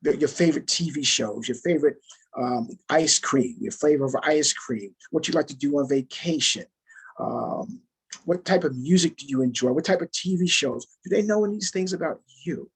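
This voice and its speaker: A man with a rather high, deeply husky voice leads a training session over a video call. He talks in a loose, conversational way and circles back on his phrases to drive a point home. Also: moderate pace. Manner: conversational, repeats phrases for emphasis. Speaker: workshop facilitator. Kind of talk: interactive training talk.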